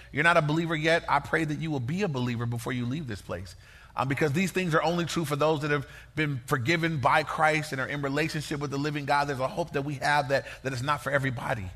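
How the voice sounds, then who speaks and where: A man preaching a sermon as pastor, in a lively, folksy, conversational way. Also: high voice.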